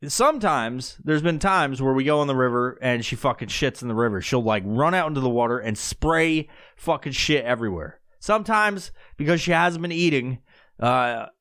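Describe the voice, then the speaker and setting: A man's voice: medium pitch, fairly bright tone, clear, resonant tone. A man, telling a rambling, profane, laugh-filled story as a podcast host. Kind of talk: casual storytelling.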